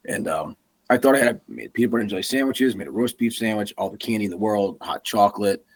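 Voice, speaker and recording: A man on a podcast telling an animated hunting story, acting out the lines of the people in it. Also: on the low side, fast talker. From Massachusetts. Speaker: podcast guest.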